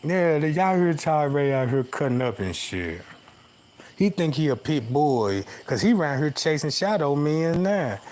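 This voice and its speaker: High-voiced man telling a rambling comic story. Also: very animated, unhurried, darkish tone. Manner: rambling, slangy, keeps asking "you know what I'm talking about". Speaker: livestreamer. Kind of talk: casual comic storytelling to viewers. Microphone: phone camera.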